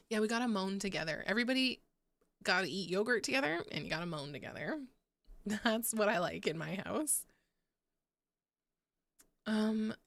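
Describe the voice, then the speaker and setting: A woman's voice: mid-range voice, gravelly, no echo. Giggly, foul-mouthed woman streamer. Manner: chatty, giggly, swears freely. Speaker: livestream host. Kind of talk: casual gaming stream chat.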